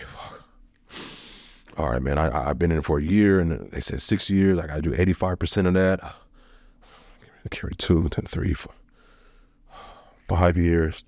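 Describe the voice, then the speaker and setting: A man's voice: low-pitched, no echo, studio quality. A man telling his own story as a podcast guest, blunt and profane, with emotional swings. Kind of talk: candid personal storytelling.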